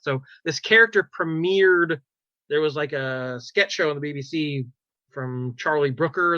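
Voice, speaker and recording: A man's voice: on the high side, bright, forceful tone, no echo. A man co-hosting a casual pop culture podcast, animatedly retelling a show with lots of "like"s and restarts. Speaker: podcast co-host. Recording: slightly dull, dry recording.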